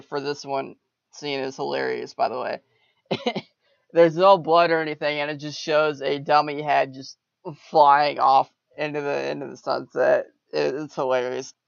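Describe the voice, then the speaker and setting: A man's voice: on the high side, vocal fry, clear, resonant tone, no echo. A man hosting a podcast, casually and irreverently rambling through a movie plot with plenty of profanity. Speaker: podcast host. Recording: muffled lo-fi recording.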